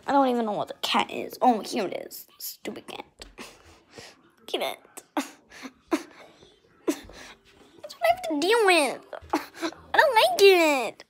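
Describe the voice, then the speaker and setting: A bratty, self-absorbed young vlogger girl, put on by a woman, whining and sulking in a petulant, clueless way. Her voice sits a little high. She drags every word out slowly. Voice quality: whiny, petulant, deliberately clueless delivery. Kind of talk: comic character vlog.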